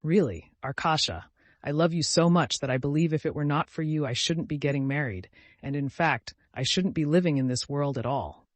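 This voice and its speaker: A man's voice: on the high side, normal speed, no room sound, natural voice. A man voicing an emotional young male clerk, earnest and touchy, in an audiobook reading.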